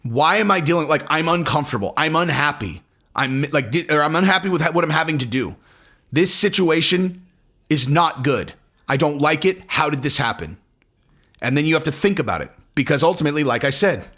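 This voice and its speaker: Lively, animated man riffing casually. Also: a little high, fairly quick. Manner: animated, rambling, acts out quotes in other voices; blunt and profane. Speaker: MMA commentator. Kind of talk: casual commentary vlog.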